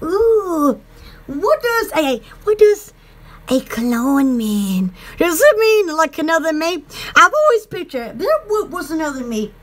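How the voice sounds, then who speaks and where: A woman with a Southern US accent hosting a casual live stream for her online shop, giggly and excitable, rambling with lots of fillers. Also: extremely high pitch, slow pace. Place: home in the woods.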